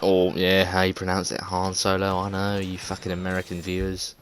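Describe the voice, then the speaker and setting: A man with an English accent talks through his gaming opinions in an offhand, meandering way. His voice sits very low, and he stumbles through fillers and swears freely. A faint hiss sits under his voice. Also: monotone, fairly quick. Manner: rambling, hesitant, lots of fillers and swearing. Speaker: gaming video creator. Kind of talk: casual gameplay commentary.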